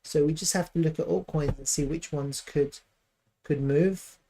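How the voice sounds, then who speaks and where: A man's voice: fairly high pitch, fairly even intonation, normal speed, vocal fry, warm tone, a little hiss or hum. A man giving a casual live chart analysis, thinking aloud with fillers and restarts.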